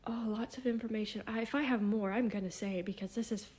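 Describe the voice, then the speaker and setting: A woman's voice: medium pitch, fairly even intonation, quick pace, darkish tone. Shaky, tearful woman half-whispering. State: emotional, tearful. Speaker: self-described psychic. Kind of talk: emotional spiritual vlog.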